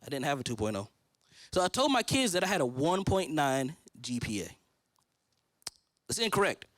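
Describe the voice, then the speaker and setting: A man's voice: fairly high pitch, big pitch swings, normal speed, a bit bright, no room sound. A man in his thirties preaching a sermon from a church stage, telling his own story and acting out his prayers. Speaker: pastor.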